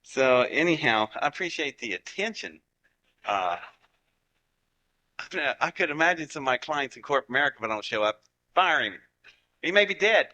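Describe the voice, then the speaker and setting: Southern US man, live-audience speaker; sharp bright tone, mid pitch, chatty folksy storytelling with jokes. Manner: chatty, joking asides to the crowd.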